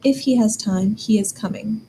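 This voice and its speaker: A woman's voice: medium pitch, normal speed, mellow, a little hiss or hum, poor audio. A woman teaching a German grammar lesson, explaining step by step and asking the learner questions.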